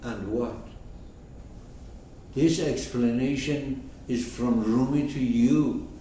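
Slow, emphatic man teaching a class. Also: mid-range voice, mellow, a little hiss or hum. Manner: slow, emphatic, questions his listeners. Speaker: teacher explaining a poem. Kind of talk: informal classroom explanation. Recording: echoey room, mic far off.

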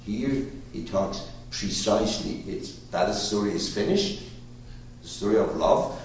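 A man whose first language is Persian, teaching a class in an emphatic, animated way that swings from loud to hushed, recorded from a distance in an echoey room. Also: on the low side, a little slow, a little hiss or hum. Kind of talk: lecturing a class.

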